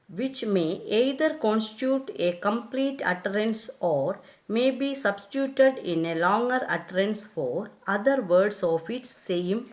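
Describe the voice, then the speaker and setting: A woman teacher with an Indian English accent, giving a scripted lecture on English word stress and carefully reading out list after list of example words. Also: mid-range voice.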